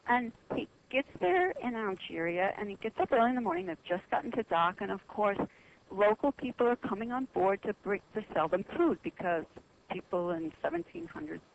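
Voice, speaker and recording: A woman guest on a radio talk show telling a religious history story in an earnest, halting way with many pauses. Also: medium pitch, very animated, vocal fry, muffled recording, slight background noise.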